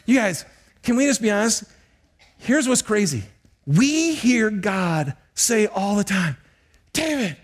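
A middle-aged man preaching a sermon in a fairly high voice. He tells stories with animated energy and keeps turning to the congregation with questions. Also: slow pace. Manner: animated storytelling, addresses the congregation often. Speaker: pastor.

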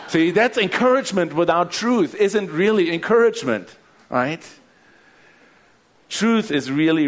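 Conversational pastor, a man preaching. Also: mid-range voice. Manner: conversational, asks rhetorical questions; repeats words when restarting. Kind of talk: sermon. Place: church.

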